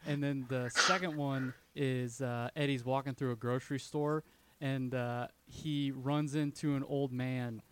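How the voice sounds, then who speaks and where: Smooth-voiced young man joking casually. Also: mid-range voice, fairly even intonation, a little slow, hardly any pauses. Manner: joking, laughs often, acts out silly quotes. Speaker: podcast co-host. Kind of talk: casual comedic chat.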